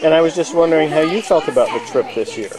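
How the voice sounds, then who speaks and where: An easygoing man holds a home camcorder and questions relatives in a friendly, unhurried way. A lively family crowd chatters behind him outdoors. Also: fairly high pitch, low-quality recording. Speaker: family video interviewer. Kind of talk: casual home-video interviewing.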